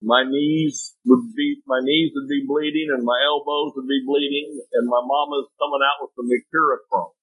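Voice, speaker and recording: A man preaching a sermon, telling folksy stories with sudden jumps in pitch. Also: fairly even intonation, moderate pace, hardly any pauses, husky. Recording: tinny phone-like audio.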